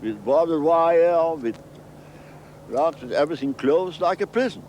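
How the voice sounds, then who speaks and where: Older man, interviewee, storytelling, halting non-native English, repeats phrases, faint traffic outdoors. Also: fairly high pitch, animated, darkish tone. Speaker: interviewee recounting memories.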